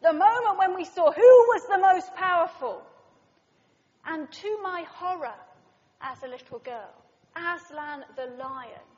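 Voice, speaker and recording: Brief: female preacher, high voice, dramatic storytelling sermon, dull lo-fi hall sound. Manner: dramatic storytelling, swinging from loud to hushed.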